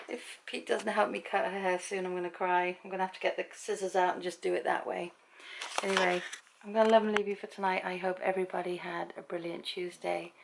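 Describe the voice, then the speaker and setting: A woman's voice: fairly low pitch, level tone, a little fast, gravelly, a little hiss or hum, rough recording. A middle-aged woman from England, chatting and rambling in a casual home vlog at night, laughing easily. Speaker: vlogger. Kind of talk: casual vlog chat to camera.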